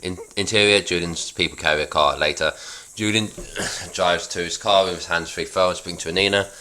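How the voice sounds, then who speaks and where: Dude reading his own script out loud, super deep voice, bright and punchy, rambling asides. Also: steady tone, a little fast. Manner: rambling, self-deprecating. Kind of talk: casual script read-through with commentary.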